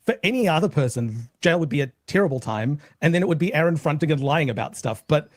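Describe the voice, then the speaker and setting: A man co-hosting a podcast, speaking in a measured, thoughtful way. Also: on the high side, animated, no room sound, studio quality. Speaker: podcast co-host. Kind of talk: casual podcast chat.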